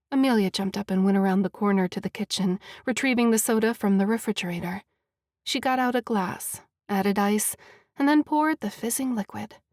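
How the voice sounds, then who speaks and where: A woman author reading her own romance novel aloud as audiobook narration, in an even storytelling voice. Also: medium pitch, moderate pace, no room sound, studio quality.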